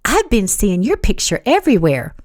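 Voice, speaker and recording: A woman's voice: lowish voice, wildly swooping pitch, brisk, no echo. Give me a syrupy scheming young woman, as a woman reader puts her on, cooing with a dry close sound. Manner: cooing, drawling.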